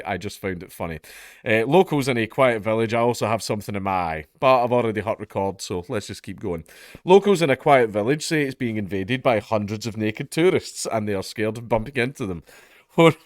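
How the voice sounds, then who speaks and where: A man's voice: fairly low pitch, no echo, studio quality. A man with a Scottish accent giving casual, sardonic commentary on a news story, swearing and laughing at his own jokes. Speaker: commentary vlogger.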